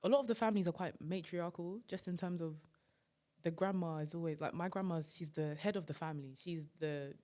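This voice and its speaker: A woman, hosting a podcast in casual chat, relaxed and chatty, often ending phrases with "man". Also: fairly low pitch, brisk. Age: 20s. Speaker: podcast host.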